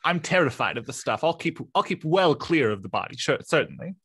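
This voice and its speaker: A man's voice: fairly high pitch, very animated, fairly quick, fairly bright tone, husky, no room sound. A man playing in a tabletop mystery game, hesitant and polite as he speaks for his character. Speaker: player. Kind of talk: casual chat in a tabletop game.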